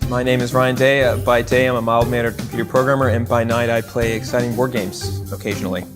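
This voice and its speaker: A man's voice: medium pitch, little pitch movement, fast talker, over music. Playful man at a game table. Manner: playful, teasing. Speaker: guest player. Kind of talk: casual chat over a board game.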